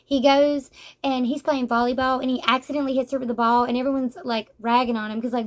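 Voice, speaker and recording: A woman with a high voice talks through a manga in a relaxed, chatty way. She acts out the characters' lines with playful energy and laughs often. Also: quick pace. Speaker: manga reviewer. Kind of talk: casual book review chat.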